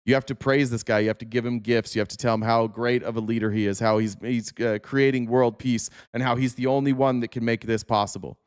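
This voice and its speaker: A man hosting a casual political talk show, ranting at an ordinary mid pitch with sarcastic, profane energy. He jumps between reading chat comments and fired-up commentary, pitch swinging high when he gets worked up. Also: fairly even intonation, brisk, hardly any pauses, clean tone.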